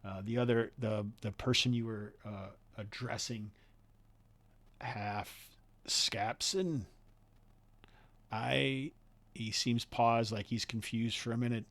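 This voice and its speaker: A man narrating as game master of a tabletop game, thinking aloud with frequent pauses and fillers. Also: mid-range voice, fairly even intonation, a bit bright.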